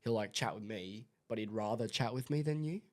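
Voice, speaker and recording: A man's voice: lowish voice, fairly quick. Rambling young man. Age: young adult. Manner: rambling, searching for words with many restarts. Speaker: son of the host. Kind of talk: casual family podcast chat.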